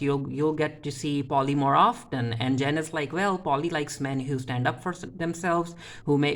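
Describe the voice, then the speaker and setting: A casual reviewer recapping a TV episode, pitched in an everyday middle range. They keep slipping into loose paraphrases of what each character said, stumbling and restarting with plenty of filler words along the way. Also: fairly bright tone. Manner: retells scenes by loosely paraphrasing characters' lines. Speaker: TV show reviewer.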